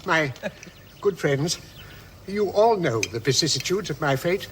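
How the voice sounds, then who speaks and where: Pompous middle-aged man, flowery, solemn, high voice. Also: expressive, measured pace, a crowd in the background. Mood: earnest. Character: pompous, earnest middle-aged man, devoted and easily hurt. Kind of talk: radio drama acting.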